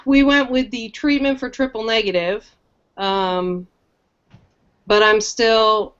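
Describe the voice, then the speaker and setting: A woman talking frankly and with dark humor in a casual chat, getting lively when she quotes people. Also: fairly high pitch, slow pace, clear, resonant tone, muffled recording. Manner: frank, joking, animated when quoting. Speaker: guest sharing her cancer story.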